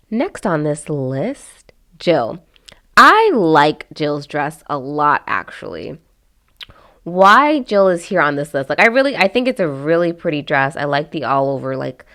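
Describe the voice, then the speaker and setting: A woman with a notably low voice talks through a casual commentary vlog. She is chatty and candid, trailing off and restarting often, with plenty of fillers as she shares frank opinions. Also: fairly bright tone. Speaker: host.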